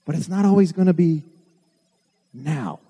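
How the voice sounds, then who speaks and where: A man's voice: fairly high pitch, expressive, unhurried, dark tone, slightly rough. A man preaching a sermon to his church, earnest with self-deprecating asides. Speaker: pastor. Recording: long hall reverb.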